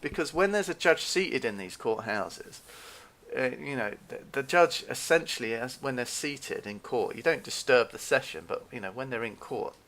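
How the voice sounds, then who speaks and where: A man telling a story in a casual, animated rant, repeating himself and acting out what people said. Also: mid-range voice, normal speed. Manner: animated, repeats himself, acts out quoted dialogue.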